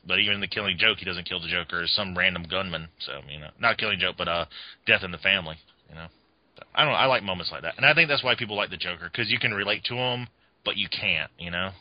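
A man chatting on a podcast in a low voice, rambling along with lots of fillers and false starts. The sound is dull and lo-fi, and it is very dry, with no room at all. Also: fast talker, dry recording. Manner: rambling, many fillers and restarts. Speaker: podcast co-host. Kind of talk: casual podcast chat.

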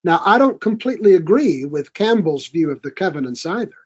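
A man's voice: sits high, big pitch swings, brisk, slightly rough, lo-fi sound. A man speaking as a guest in a studio conversation, earnest and encouraging. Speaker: podcast guest. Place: recording studio.

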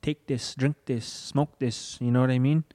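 Young guy telling his grief story, earnest, acts out the dialogue, mid pitch. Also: fairly even intonation, normal speed, dark tone. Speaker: guest. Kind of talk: personal testimony in conversation.

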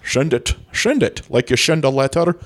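A man's voice: medium pitch, expressive, a little fast. A man doing a comedic impression of an aging film star, with a slurred lisp that turns "s" into "sh". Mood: boastful. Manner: slurred lisping "sh" sounds, teasing and boastful. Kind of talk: comedic impression in podcast banter.

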